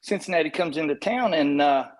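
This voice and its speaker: A man in his fifties, a guest on a podcast, telling relaxed anecdotes in casual chat. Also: a little high, fairly quick, low-quality recording. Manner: relaxed anecdotal storytelling with laughs. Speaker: guest, retired baseball pitcher.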